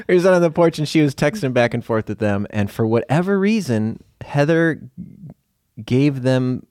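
Lively, upbeat male podcast host. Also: on the high side, measured pace, pauses often, no room sound, studio quality. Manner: upbeat, playful, goes off on tangents. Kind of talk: casual faith conversation podcast.

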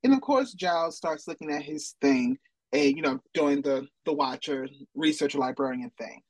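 A man's voice: fairly high pitch, moderate pace, darkish tone, no echo. A man co-hosting a podcast, recapping a TV episode in casual chat. He rambles and corrects himself, and slips into playful quoted asides. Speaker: podcast co-host.

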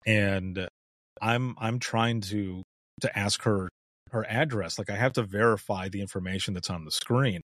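A man's voice: fairly low pitch, a little slow, no room sound, studio quality. A middle-aged man from Southwest Michigan, a former 911 dispatcher, telling stories in a casual chat and acting out the voices of the people in them. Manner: animated, acts out the voices in his stories, laughs often. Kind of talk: storytelling in casual conversation.

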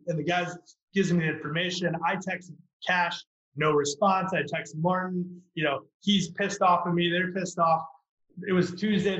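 A man, a startup founder, telling a story on a podcast with lively acted-out quotes. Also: on the high side. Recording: roomy, dull lo-fi sound.

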